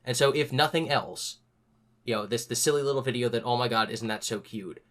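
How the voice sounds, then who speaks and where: Bright-voiced young man telling a story. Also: medium pitch, fairly quick. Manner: animated, acts out other people's lines in a raised voice. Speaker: podcast host. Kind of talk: casual storytelling chat.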